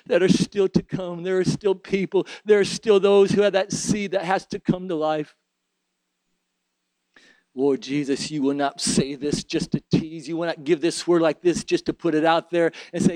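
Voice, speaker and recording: Guy preaching and praying hard, kinda high voice, dry close sound. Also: fairly even intonation, normal speed, a little mellow, dry recording, poor audio. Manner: fervent, emphatic preaching with repeated phrases. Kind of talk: sermon and altar prayer.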